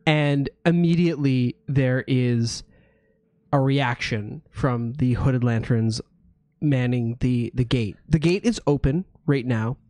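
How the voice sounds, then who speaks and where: A man's voice: medium pitch, dark tone, dry recording, studio quality. A man narrating as game master in a tabletop game, casual with frequent restarts.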